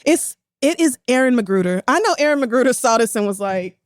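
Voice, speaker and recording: Animated woman, indignant podcast co-host. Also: a little high, fairly quick, dry recording, studio quality. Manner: animated, indignant storytelling with quoted voices. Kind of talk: casual podcast chat.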